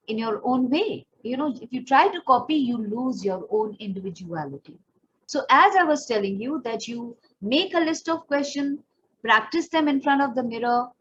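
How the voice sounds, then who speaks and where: Indian woman, pageant coach; earnest, encouraging, slightly high voice; a bit muffled recording. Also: slight background noise. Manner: earnest, encouraging, addresses viewers directly. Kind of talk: instructional talk to camera.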